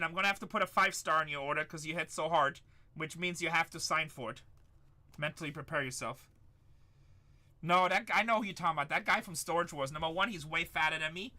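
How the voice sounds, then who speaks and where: A middle-aged man hosting a live card break, hyping up the chat and repeating his calls. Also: sits high. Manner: hyped, shouts up to the chat, repeats lines.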